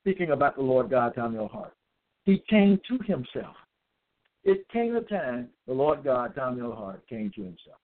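A man's voice: medium pitch, sing-song, moderate pace. A man preaching alone, reading scripture aloud and remarking on each verse. He repeats phrases and keeps asking "okay?". His voice comes through thin and tinny, as if over a phone line. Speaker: self-styled preacher. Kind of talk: solo religious monologue reading scripture.

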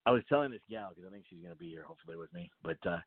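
A man's voice: sits low, rapid-fire, crowd noise. Rambling man on a tinny phone line. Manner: rambling, chuckling, many fillers and restarts. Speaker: guest, inventor. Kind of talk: casual call-in chat.

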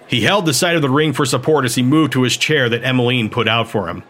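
A man reading a sci-fi audiobook in steady, even scripted narration. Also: medium pitch, fast, slight background noise.

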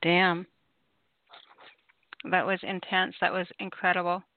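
Enthusiastic radio host, gravelly voice, dry lo-fi line. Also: mid-range voice, level tone, takes it slowly, dry recording. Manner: upbeat, enthusiastic reactions. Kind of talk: casual on-air chat. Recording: tinny phone line, dry.

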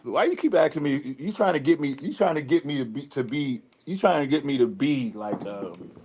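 A man with a Detroit drawl speaks in a laid-back, rambling way, circling back with fillers and restarts as he talks through his thoughts. His voice sits at a middling pitch. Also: animated, a little fast, darkish tone, slightly rough. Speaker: rapper guest. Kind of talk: casual interview talk.

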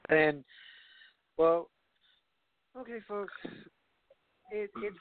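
A man hosting a casual podcast chat, excitable and joking, rambling as he talks. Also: sits high, drawn-out words, dry recording. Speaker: podcast host. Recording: tinny phone-like line.

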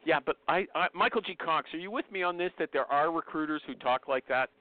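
A man's voice: fairly high pitch, brisk. A man hosting a talk show who keeps pressing the others with challenging questions. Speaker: host. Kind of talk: heated debate on a call-in show. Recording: dry, tinny phone line.

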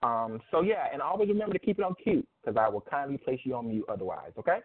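A man's voice: mid-range voice, lively intonation, quick pace, slightly rough. Chatty man hosting over a phone line. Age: 30s. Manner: chatty, with frequent ums and easy laughs. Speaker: host. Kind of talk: call-in radio interview.

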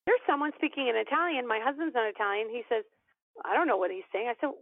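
A podcast guest, a fairly high-voiced woman, tells a personal story fast and with lively energy, acting out the voices of the people in it. The audio is tinny and phone-like, dry, with no echo or room around it.

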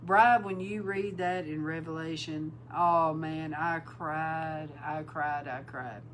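A woman preaching an informal sermon, calling her listeners bride and repeating words for emphasis, sometimes breaking into loud exclaims. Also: deep voice, steady tone, takes it slowly, a little hiss or hum, low-quality recording.

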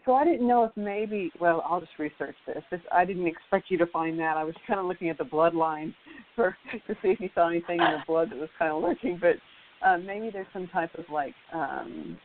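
A woman's voice: lowish voice, slight background noise. A woman calling in for a reading, talking hesitantly in casual chat with many fillers. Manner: hesitant, halting, lots of fillers. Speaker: caller getting a reading. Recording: tinny phone line.

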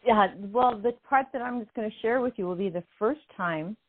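An older woman as a guest, telling a story in an animated way, often laughing, heard over a phone line. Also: a little high, a little fast, no room sound.

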